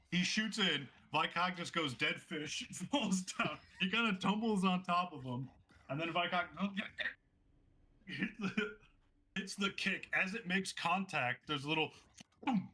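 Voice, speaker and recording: A man with a husky voice narrating a tabletop game as game master, lively and laughing often. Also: fairly high pitch.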